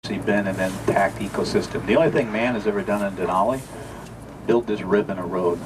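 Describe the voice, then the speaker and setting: A man's voice: fairly low pitch, fairly quick. A man acting as a tour bus driver guide, giving folksy, direct commentary. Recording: distant, noisy bus recording.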